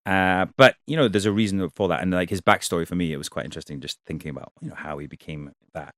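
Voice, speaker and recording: Male actor guest, low voice, dry close sound, loose halting delivery full of laughs. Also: a bit bright, no echo. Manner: halting, restarts sentences, laughs often. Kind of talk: casual interview chat.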